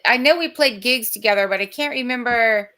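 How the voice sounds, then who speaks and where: A female musician guest in casual chat, chatty and quick to laugh. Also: fairly high pitch, sharp tone.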